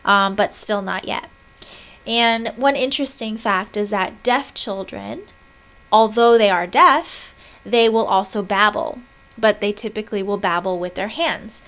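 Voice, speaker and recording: A woman's voice: medium pitch, a bit bright, low-quality recording. A woman giving a recorded college lecture, walking through each point patiently. She often checks in with her listeners before moving on, and now and then says sounds aloud to show what she means. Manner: explanatory, checks in with "right?" and "okay?"; demonstrates baby sounds aloud.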